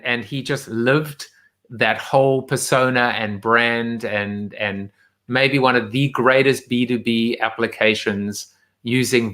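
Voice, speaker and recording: A man's voice: mid-range voice, fairly bright tone. A man hosting a live online talk show, chatting casually with many fillers and restarts. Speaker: show host. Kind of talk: casual live-stream chat.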